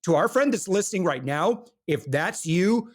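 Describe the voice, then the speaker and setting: A man guest on a business podcast, talking in an earnest, animated way and telling stories with frequent restarts. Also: high voice, moderate pace. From Michigan, USA. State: briefly emotional while recalling hard times. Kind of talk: casual interview talk.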